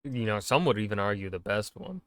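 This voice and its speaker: A man's voice: on the low side, big pitch swings, brisk, a bit bright, dry recording. A man hosting a reaction video, chatting casually with sarcastic asides and the odd swear.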